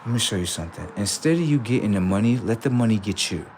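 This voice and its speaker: Man, livestream host, lively swooping pitch, acts out dialogue, profane, faint noise behind. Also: quick pace. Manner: animated, acts out both sides of conversations, profane. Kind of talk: casual storytelling monologue.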